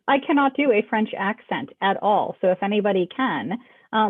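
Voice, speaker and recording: A woman's voice: mid-range voice, sing-song, unhurried, breathy edge, no room sound. Woman chatting over a tinny video call. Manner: friendly, chatty, walks through a website. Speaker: school staff host. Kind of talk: casual school announcement chat. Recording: dry, tinny phone-like call audio.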